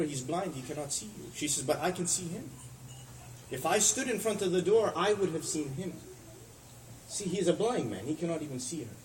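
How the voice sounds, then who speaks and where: A man's voice: far from the mic, slight background noise. Man preaching in an echoey hall. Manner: storytelling lecture, acting out quoted speakers with rising and falling pitch. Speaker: speaker at a religious center. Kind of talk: sermon.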